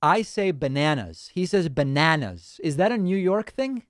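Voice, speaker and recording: A man's voice: high-pitched, normal speed, dry recording, studio quality. A man hosting a live-stream show, chatting casually and reacting to listener voicemails and chat messages. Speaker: show host.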